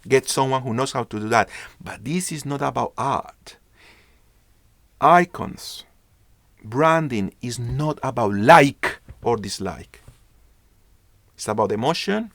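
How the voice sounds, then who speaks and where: In an online business class on branding, a man with a mid-range, fairly bright voice talks slowly with lively intonation and frequent pauses. The recording is dry, and he speaks emphatically, repeating his key points and acting out small exchanges.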